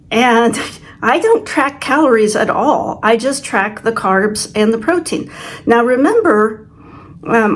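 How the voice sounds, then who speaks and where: A woman in her sixties hosting her own vlog, telling a personal story in a chatty, self-deprecating way. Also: a little high. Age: 60s. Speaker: channel host. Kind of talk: casual vlog chat.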